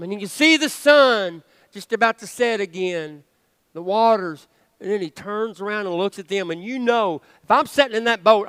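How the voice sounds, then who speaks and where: A man with a strikingly high, bright voice preaches a sermon from a church sanctuary. His tone is smooth and clear, earnest and chatty with playful asides, and the hall trails a long reverb behind him. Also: measured pace. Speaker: pastor.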